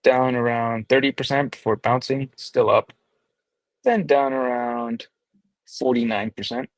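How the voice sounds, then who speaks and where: A man's voice: medium pitch, steady tone, a little slow, no echo, low-quality recording. A man co-hosting a casual chat who walks through trading chart analysis step by step.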